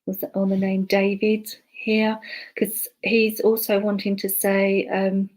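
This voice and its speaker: A woman relaying spirit messages to an online congregation as a medium. Her delivery is hesitant and full of fillers and restarts. Between messages she drops to a soft murmur, as if talking to herself. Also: mid-range voice, monotone, a little slow, low-quality recording. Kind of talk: live online clairvoyance demonstration.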